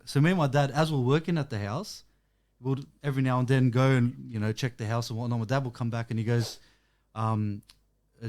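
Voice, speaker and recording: A man's voice: medium pitch, a little fast. A young man, co-hosting a casual chat and telling stories, acting out what people said. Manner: animated storyteller acting out quotes. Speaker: podcast co-host.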